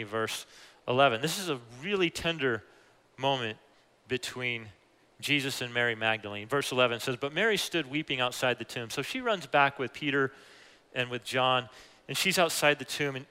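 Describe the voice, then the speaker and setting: A man preaching a sermon with animated emphasis, often rising to exclamations. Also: mid-range voice. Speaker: pastor. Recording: long hall reverb.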